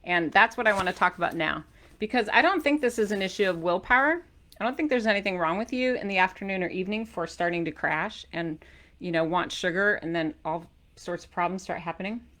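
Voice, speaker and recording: With a brisk pace and a voice on the low side yet bright and forward, a middle-aged keto diet coach and author delivers an energetic talk to camera. She stays playful and animated, punching her points home with loud, emphatic bursts.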